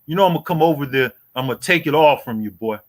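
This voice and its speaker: Fast-talking with lively intonation and a fairly high pitch, this boxing YouTube host in his forties goes after a rival on his livestream. He taunts in a profane, repetitive rant, repeating "boy" and "you hear me."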